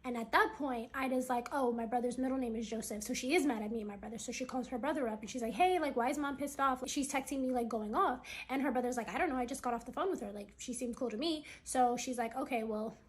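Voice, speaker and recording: A woman's voice: a little high, fast, few pauses, husky. A woman vlogger retelling someone else's family story in a chatty way, full of "like" fillers, acting out the quoted lines.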